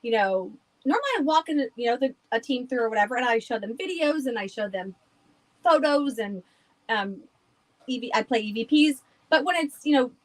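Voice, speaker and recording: Chatty woman, higher voice, rambling. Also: expressive, moderate pace, poor audio. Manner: chatty, rambling, laughs often. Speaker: guest, haunted house owner. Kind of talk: casual podcast chat.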